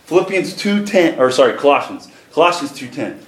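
A man's voice: on the high side, very animated, brisk, echoey room, a little hiss or hum. A man preaching a sermon, reading scripture aloud and driving his points home with rising emphasis.

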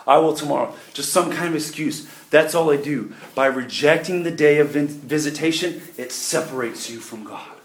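Speaking at normal speed with few pauses, this middle-aged preacher has a slightly high voice. He gives a church sermon in a folksy, emphatic style, his loudness shifting throughout. Faint noise sits under the echo of the room.

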